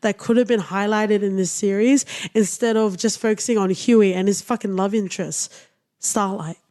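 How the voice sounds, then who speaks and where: A woman's voice: mid-range voice, steady tone, normal speed, dark tone. Blunt, profane woman podcast co-host. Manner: blunt, profane, laughs often. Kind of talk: casual chat.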